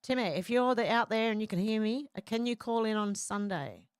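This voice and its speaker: A woman's voice: fairly high pitch, animated, a little fast, clear, resonant tone, no room sound, clean studio sound. A woman hosting a casual livestream, reading out viewer comments and rambling between them with many fillers and restarts. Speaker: livestream host reading chat.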